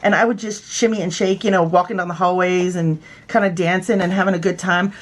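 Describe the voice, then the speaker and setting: A woman's voice: on the low side, steady tone, brisk, hardly any pauses. A woman from California casually telling funny stories about her old work, chatty and self-mocking. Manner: chatty, playful, self-mocking, fond of doing voices. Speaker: vlogger, former nurse. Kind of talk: casual storytelling.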